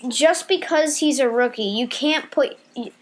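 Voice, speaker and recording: Slightly high-voiced woman cohost, blunt, opinionated, chatty. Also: unhurried. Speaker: podcast co-host. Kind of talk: casual chat.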